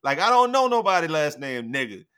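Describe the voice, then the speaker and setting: A man's voice: on the high side, sing-song, fairly quick, bright, forceful tone, smooth. A man co-hosting a podcast, chatting and joking in a laid-back way. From Shreveport, Louisiana. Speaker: podcast co-host. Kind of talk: casual chat.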